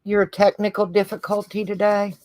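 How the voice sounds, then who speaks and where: A woman's voice: mid-range voice, flat delivery, normal speed, a little mellow, no echo, rough recording. A woman hosting a casual craft stream, chatty and encouraging as she talks through each step. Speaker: host. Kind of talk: casual chat during a craft demo.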